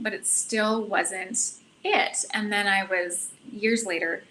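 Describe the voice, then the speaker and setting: Bright-voiced woman telling her story. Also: mid-range voice, slow pace, slight background noise, rough recording. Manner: earnest, animated, self-reflective. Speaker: guest. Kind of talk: casual storytelling.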